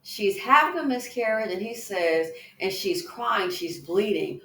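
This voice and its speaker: A woman's voice: on the high side, big pitch swings, unhurried, a bit bright. A woman giving reaction commentary, emphatic and indignant, with rhetorical questions. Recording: echoey room.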